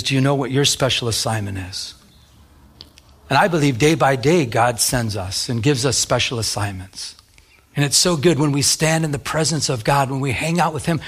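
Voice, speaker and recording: A man's voice: medium pitch, slightly rough. A middle-aged man, a pastor, preaching a sermon in a conversational, storytelling way with many restarts.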